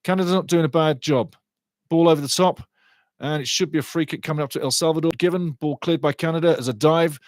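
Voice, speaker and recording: A man's voice: a little high, quick pace, a little mellow, no room sound. Fired-up man doing live match commentary. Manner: passionate, gets fired up over fouls; chats with viewers' comments. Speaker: watchalong commentator.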